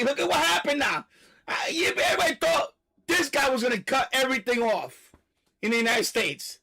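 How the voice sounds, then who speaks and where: A man hosting a live stream, delivering a loud, profane, repetitive rant and stopping now and then to catch his breath. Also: very high-pitched, expressive, fairly quick, husky, poor audio. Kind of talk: ranting live stream monologue.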